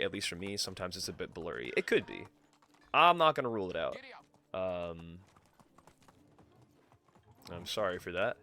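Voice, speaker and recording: A man's voice: sits low, pushed and bright. A man streaming a game live, swearing freely and chatting with his viewers and his cat. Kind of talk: live gameplay commentary.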